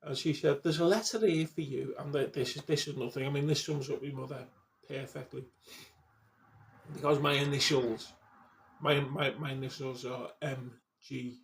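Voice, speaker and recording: Brief: fifties guy, gravelly voice, loose sweary storyteller. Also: mid-range voice, little pitch movement, normal speed, fairly bright tone, a little hiss or hum. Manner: swears constantly, trails off, restarts sentences. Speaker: vlogger. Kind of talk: casual rambling monologue.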